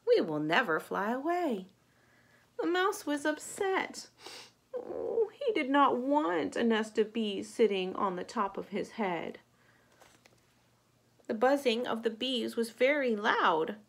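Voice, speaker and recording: A woman teacher reading a children's storybook aloud in an expressive, slow way, sometimes dropping into a whisper. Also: on the high side, gravelly.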